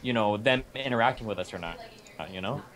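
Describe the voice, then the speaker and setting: Rapid, excitable man in a podcast. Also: fairly low pitch. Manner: excitable, rapid, heavily profane, laughing storyteller. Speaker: guest. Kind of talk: casual podcast discussion.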